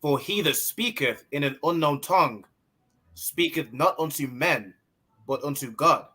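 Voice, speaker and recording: Bright-voiced man reading Bible verses slowly. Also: fairly high pitch, lively intonation, breathy edge. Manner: slow, measured Bible reading. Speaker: class member reading verses.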